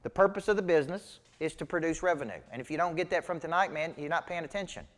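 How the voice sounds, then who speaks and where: In a large hall, a man with a Southern US accent delivers a live motivational training talk on business coaching, speaking fast in a slightly high voice. He is emphatic, folksy and preachy, quizzing his audience with questions.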